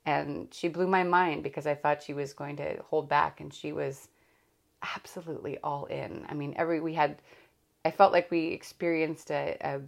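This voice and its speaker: Podcast host, woman, low gravelly voice, rambling and candid, loose casual chat. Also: steady tone, normal speed. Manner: rambling, self-correcting, candid.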